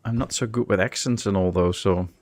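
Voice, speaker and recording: A man's voice: fairly low pitch, a little fast, no echo, faint music behind. A man with a Dutch accent giving laid-back live-stream gameplay commentary, chatting with his viewers and joking around. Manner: chatty, laid-back, answers chat with jokes. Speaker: gaming streamer.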